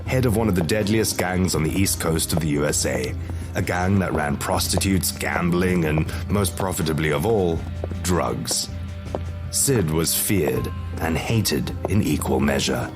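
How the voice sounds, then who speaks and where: A man reads a scripted horror story in a low, deep voice, measured and dramatic. Music plays clearly beneath his narration.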